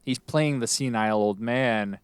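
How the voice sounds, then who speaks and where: A man hosting a podcast in casual chat, relaxed and chuckling as he retells scenes. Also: medium pitch, a little slow, smooth, no echo. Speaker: podcast host.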